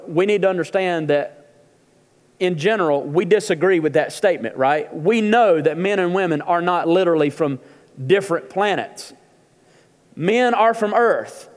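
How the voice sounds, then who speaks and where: A man's voice: on the high side, long reverb tail. A male pastor preaching a humorous, conversational sermon in a church. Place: church auditorium.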